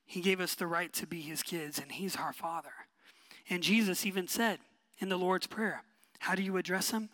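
Speaking at an ordinary pace, this pastor gives a forceful, chatty sermon built around short phrases he keeps repeating. The voice is high, sharp and forward, captured in a close, dry recording.

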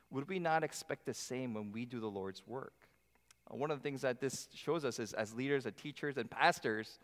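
A middle-aged man preaching a sermon as pastor, animated, with acted asides to the congregation. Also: medium pitch. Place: church sanctuary. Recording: long hall reverb.

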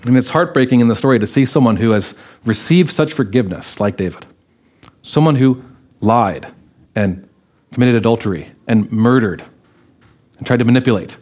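A man's voice: moderate pace, long pauses. A man, a pastor, preaching a sermon, animatedly acting out the voices of the people he quotes. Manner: animated, acts out quoted voices with raised pitch.

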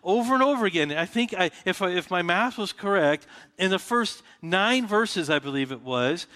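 A male pastor delivers a sermon in a relaxed, conversational way, often restarting his sentences and putting questions to his listeners. His voice sits a little higher than most men's, and it carries a long reverberation, like a church sanctuary recorded from the room. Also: normal speed. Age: adult with children. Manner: conversational preaching with frequent restarts and rhetorical questions. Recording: reverberant hall.

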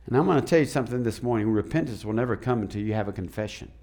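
A man preaching a sermon as pastor, animated and acting out the voices he quotes. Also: fairly low pitch, racing.

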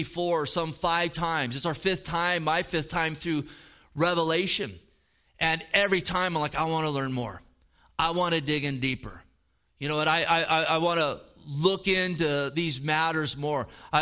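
High, bright-voiced preaching pastor. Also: male voice, smooth. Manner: earnest, emphatic preaching with repeated phrases. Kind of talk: sermon.

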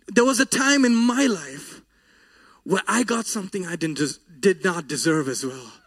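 Weaving a personal story into his sermon, a preacher speaks in a strikingly high voice that's a bit bright. He is earnest and emotional, and his voice frequently cracks with feeling.

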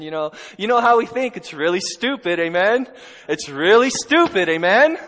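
A man's voice: fairly high pitch, sing-song, moderate pace, fairly bright tone, long reverb tail, low-quality recording. A man preaching a sermon in a church, impassioned and conversational, often checking in with "amen?". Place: church sanctuary.

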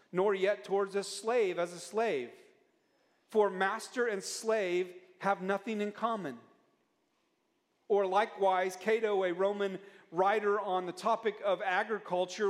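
A man preaching a sermon as a pastor, earnest and often dropping into soft, low tones when he pleads. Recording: long reverb of a church hall.

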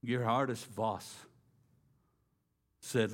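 A man preaching a sermon, slow and deliberate, dropping to a hush on key phrases. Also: medium pitch. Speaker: pastor.

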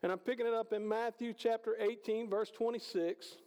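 A man preaching a conversational sermon, swinging between loud passages and hushed ones. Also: extremely high pitch, steady tone, brisk, smooth. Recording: hall reverb.

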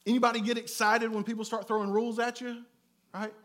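High-voiced conversational male preacher. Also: fast talker. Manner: conversational, with frequent "right?" tags; animated storytelling with bursts of loudness. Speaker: pastor. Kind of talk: sermon.

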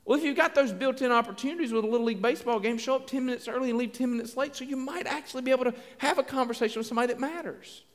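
Male pastor, high-pitched, folksy and lively, reverb of a large church hall. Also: rapid-fire, hardly any pauses. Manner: folksy, animated, acts out little dialogues. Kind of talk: sermon.

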